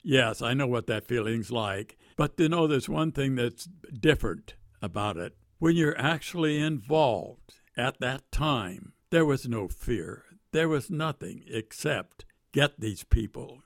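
A hoarse man in his nineties, a war veteran recalling his service in an interview, speaking deliberately and haltingly. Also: mid-range voice, animated, dry recording, studio quality. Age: 90s. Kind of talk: interview recollection.

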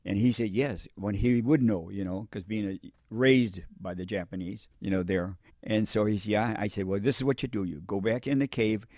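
A man's voice: on the low side, a little fast, hardly any pauses, warm tone, no room sound, studio quality. An older man, a Marine veteran, telling his war memories in an interview, rambling and repeating himself, acting out what people said. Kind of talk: oral history interview, storytelling.

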